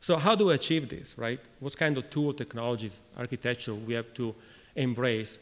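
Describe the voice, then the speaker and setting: A man from Italy with an Italian accent gives a technical conference talk in a halting way, restarting phrases and questioning the audience. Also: mid-range voice. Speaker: conference speaker. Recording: reverberant lecture hall.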